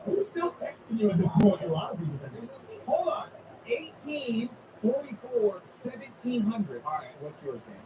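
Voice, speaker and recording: High-voiced man firing off teasing questions. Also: sing-song, normal speed. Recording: distant, echoey, dull, noisy.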